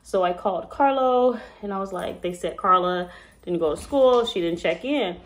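A woman's voice: lowish voice, moderate pace. A woman telling a personal story as a mother, in a casual, emotional, rambling way with many fillers and restarts.

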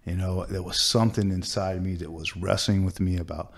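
A man, a tattoo artist, earnestly recounting a personal story in a sit-down interview, halting and restarting with many fillers. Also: low voice, steady tone.

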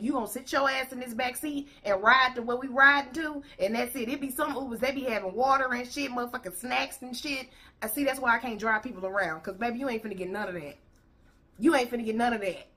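A woman's voice: a little high, fast talker, sharp tone. A woman host ranting bluntly and profanely as she reacts to a video.

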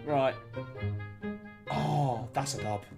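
A man's voice: mid-range voice, drawn-out words, creaky, over music. A young English man streaming a video game, swearing and swinging between ranting and cheering as he talks to his chat. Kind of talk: live game commentary to chat.

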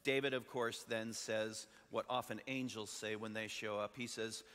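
A man's voice: lowish voice, steady tone, moderate pace, fairly bright tone, long reverb tail. A man preaching a sermon as pastor, telling a Bible story in a conversational way and asking his listeners questions. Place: church sanctuary.

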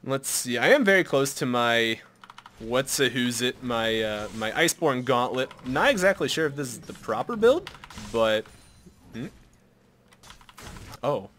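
A young man giving live commentary over his own game at a computer, swinging from muttered asides to loud shouts at big plays and swearing casually. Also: medium pitch, very animated, unhurried, long pauses, a little hiss or hum. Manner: swears and jokes casually, mutters to himself while shopping. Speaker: gameplay commentator.

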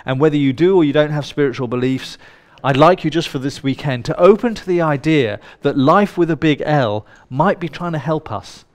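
Speaking at a moderate pace, this workshop leader has a fairly high, expressive voice as he addresses a packed room live. His style is irreverent and playful, and he swears now and then.

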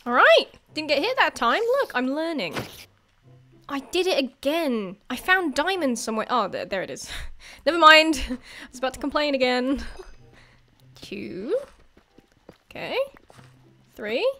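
High-voiced, unhurried woman gamer. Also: a little hiss or hum. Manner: chatty, excitable, laughs often, talks to the game's creatures. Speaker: gaming YouTuber. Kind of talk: casual gameplay commentary.

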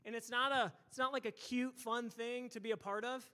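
A pastor preaching a sermon into a microphone in a church, loud and emphatic, repeating words and breaking into shouts. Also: male voice, very high voice, steady tone, normal speed. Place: church sanctuary. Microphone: handheld or stage microphone.

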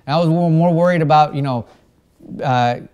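A man's voice: a little high, normal speed, a little mellow, clear, resonant tone. A man preaching to a church congregation in a conversational way, with frequent fillers and restarts. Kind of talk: informal sermon.

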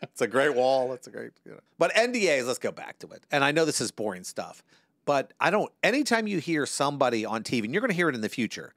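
A man's voice: mid-range voice, sing-song, quick pace, fairly bright tone, dry recording, clean studio sound. A man, an attorney co-hosting a podcast, talking in blunt, joking, emphatic banter.

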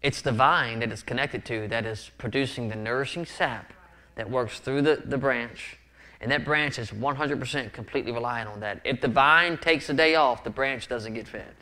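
A man's voice: medium pitch, moderate pace, bright, forceful tone. A man preaching a sermon as pastor, earnest and often repeating words for emphasis. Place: church sanctuary.

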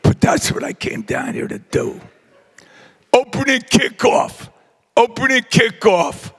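An older man, giving a rowdy acceptance speech full of brash shouted jokes. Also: extremely high pitch, takes it slowly, gravelly, long reverb tail. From New Jersey. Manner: boisterous, shouting, brash joking. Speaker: hall of fame inductee.

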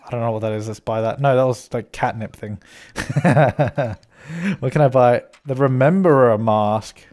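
A man talking casually into a desk microphone while he plays a life-simulation game. He chats away, laughs a lot and bosses his little characters around. His voice sits in an ordinary middle pitch. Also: normal speed, darkish tone. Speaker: let's play host. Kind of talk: casual gameplay commentary.

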